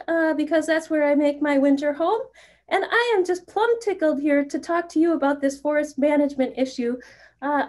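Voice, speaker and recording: A woman voicing a cheerful female songbird in an educational role-play, with a folksy, bubbly manner. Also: full character voice. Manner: folksy, bubbly, high put-on voice.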